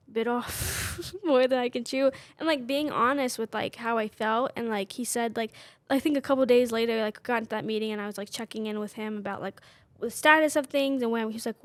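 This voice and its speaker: A woman's voice: fairly high pitch, dry recording. A woman in her twenties co-hosting a podcast, talking openly and personally with many "like" fillers. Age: 20s. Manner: candid, personal, constant "like" fillers. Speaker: podcast co-host. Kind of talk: casual chat.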